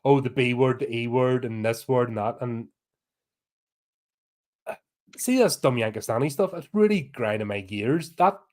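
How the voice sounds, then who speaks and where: A man's voice: mid-range voice, moderate pace, long pauses, a little mellow. A man with a Northern Irish accent, co-hosting a podcast and ranting bluntly in casual chat, with the odd swear word. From Northern Ireland. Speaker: podcast co-host.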